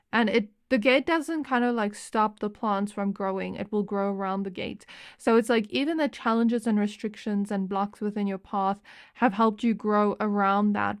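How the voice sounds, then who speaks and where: A young adult woman giving a pick-a-card tarot reading, chatty and meandering, with fillers and restarts. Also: mid-range voice. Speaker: tarot reader.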